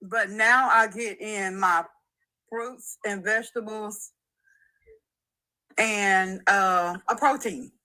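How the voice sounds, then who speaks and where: A woman from Texas with a Texan accent, calling in with a hesitant, soft manner and many fillers. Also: mid-range voice, steady tone, slow pace, long pauses, low-quality recording. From Houston, Texas. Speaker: caller.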